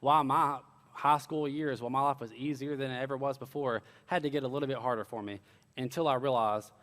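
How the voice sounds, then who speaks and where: A man's voice: medium pitch, fairly even intonation, fairly quick, fairly bright tone, big-room sound. A young man preaching a sermon, telling stories with earnest, casual asides. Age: young adult. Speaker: pastor.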